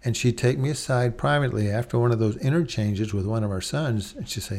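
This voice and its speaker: A middle-aged man preaching in an even, medium-pitched voice. He speaks plainly and conversationally, then draws out key words slowly for weight. At times he breaks into a louder, higher voice to act out a scene. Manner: slow, deliberate emphasis on key words; acts out dog-talk and scolding in a raised voice. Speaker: pastor. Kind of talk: sermon.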